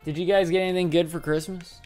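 A man's voice: high voice, little pitch movement, fast talker, a little mellow, soft background music. A man casually commenting on a video game while a little tipsy, rambling, joking and swearing freely. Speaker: gameplay streamer.

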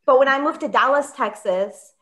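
A woman's voice: sits high, moderate pace, a bit bright. A woman in her thirties performing a chatty, self-mocking stand-up set on a comedy club stage, acting out her own quoted dialogue. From Palestinian American.

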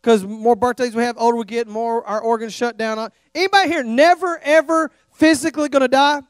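A man's voice: extremely high pitch, a little fast, smooth, dry recording, clean studio sound. A middle-aged man from Texas with a Texan accent, preaching a sermon in a church and calling out questions to the congregation. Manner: animated, calls out questions to the congregation. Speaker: traveling evangelist. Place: church sanctuary.

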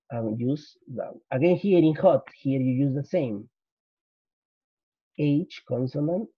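A man's voice: on the high side, slightly rough, no echo. A male English teacher giving a repetitive grammar lecture, drilling each point and slipping into Spanish to explain. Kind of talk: slide-based grammar lecture. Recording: dull lo-fi recording.

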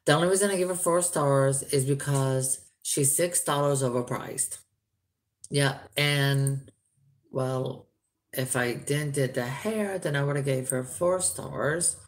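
Woman vlogger, low and unhurried; chatty, rambling doll reviewer with a sharp edge. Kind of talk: casual doll review vlog.

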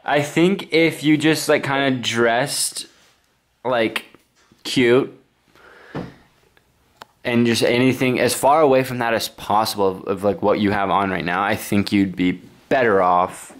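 A man's voice: medium pitch, fairly even intonation, a little slow. A young man chatting with a friend at home, teasing and blunt. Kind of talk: casual chat. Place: home room.

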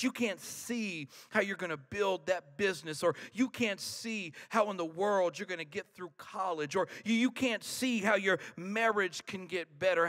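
A man preaching a sermon as pastor, swinging from quiet, hushed passages to loud shouted appeals. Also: sits high, in a large hall. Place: large church hall.

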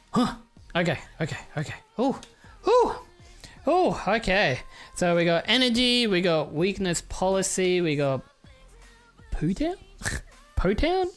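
A man giving casual, crude commentary while opening trading card packs, excitable and swearing often. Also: high-pitched, slow, long pauses, soft background music. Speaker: YouTuber.

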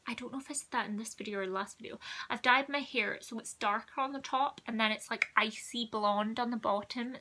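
A young woman from the United Kingdom, a beauty vlogger chatting casually about her favourite products, rambling with asides and quick self-corrections. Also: a little high, sharp tone. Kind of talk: casual chat.

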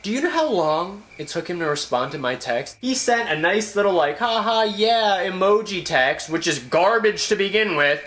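A young man telling a dramatic storytime vlog, animated and swearing freely. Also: high-pitched, moderate pace, hardly any pauses. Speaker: vlogger.

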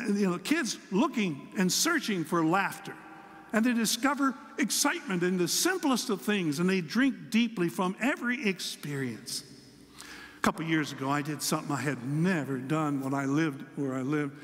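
High-voiced older pastor preaching. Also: male voice, big-room sound. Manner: storytelling, acts out a child's voice in quotes. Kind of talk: sermon. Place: church sanctuary.

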